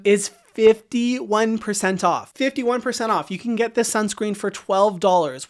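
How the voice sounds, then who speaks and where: An excitable young man talks straight to his viewers about skincare deals. His voice sits a little high for a man, and he laughs through his sentences. He stresses his points by saying them twice. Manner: excitable, gushing, laughs mid-sentence, emphatic repeats. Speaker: skincare YouTuber. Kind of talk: enthusiastic product recommendations to camera.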